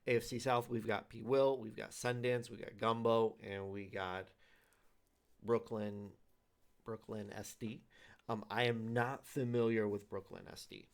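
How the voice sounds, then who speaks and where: A man's voice: lowish voice, little pitch movement, unhurried. A man hosting a league show, giving his predictions in loose, repetitive casual talk with many fillers and restarts.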